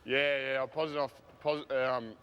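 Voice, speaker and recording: A laid-back Australian footballer speaks in a mid-pitched voice, halting often as he answers. Faint background noise sits behind him, as he joins from an airport. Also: muffled recording. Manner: relaxed, hesitant, halting. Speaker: footballer guest.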